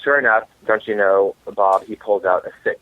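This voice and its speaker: A man with a lowish voice tells comic stories with animated energy. He comes through a thin, phone-like line with a dry, close sound. He acts out the other people's lines as he goes. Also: moderate pace, no echo. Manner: animated, comic storyteller acting out quotes. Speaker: author guest. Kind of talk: storytelling interview.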